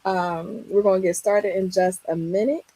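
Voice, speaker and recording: A woman hosting a casual livestream, her voice strained and raspy, greeting viewers by name in an upbeat, chatty way. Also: mid-range voice, fairly even intonation, normal speed, warm tone, slight background noise, low-quality recording. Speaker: livestream host and Canva teacher.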